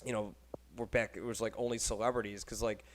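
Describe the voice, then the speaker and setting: A man hosting a casual podcast chat, with a Texan accent, talking in a loose, rambling and animated way and swearing casually. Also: fairly low pitch, fast talker. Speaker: podcast host.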